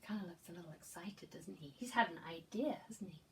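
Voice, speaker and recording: A woman teacher reading a picture book to young children, asking gentle coaxing questions and dropping into whispers. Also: lowish voice, a little fast. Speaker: preschool teacher. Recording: distant mic with faint background noise.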